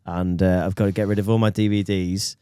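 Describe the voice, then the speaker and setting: A man's voice: sits low, flat delivery, fairly quick, warm tone, clean tone, no echo. A man hosting a podcast in a small studio, joking and rambling, laughing often. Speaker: podcast host. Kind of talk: casual banter.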